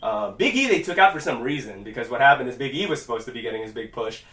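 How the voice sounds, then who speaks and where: A man hosting a casual podcast, rambling and cursing freely as he talks wrestling, now and then jumping into loud quoted voices. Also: medium pitch, quick pace. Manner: rambling, profane, animated when quoting. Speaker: podcast host. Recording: echoey room, mic at a distance.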